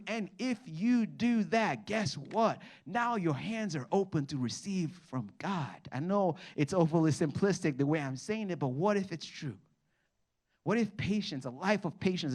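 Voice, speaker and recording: A young adult male pastor giving a casual, animated sermon, often repeating and restarting words as he tells stories. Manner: animated, rises high when acting out stories.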